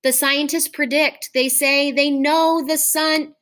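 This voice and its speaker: A timid young girl speaks softly and wistfully, half pleading, as a woman reading a story aloud puts her on. The voice is lifted a little above the reader's own and stays gentle and quiet. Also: sits high, steady tone, slow pace, pitched above the performer's own voice.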